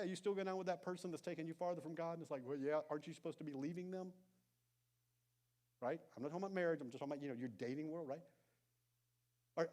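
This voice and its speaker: A man preaching a conversational sermon in a church, dropping to hushed tones and rising to loud emphasis. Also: a little high. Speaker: pastor. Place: church sanctuary.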